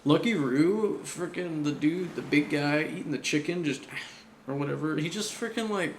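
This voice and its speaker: A man chats loosely about an anime, and his voice has a gravelly fry to it. He talks in a slangy, profane way and laughs often. The room sounds echoey, with a faint hum underneath. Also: a little high, moderate pace. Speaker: anime reviewer. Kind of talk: casual chat.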